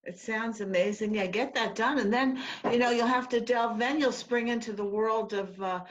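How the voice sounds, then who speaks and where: A woman's voice: on the high side, moderate pace, lo-fi sound. A woman hosting a casual web-show interview over a video call, effusive and encouraging. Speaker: host.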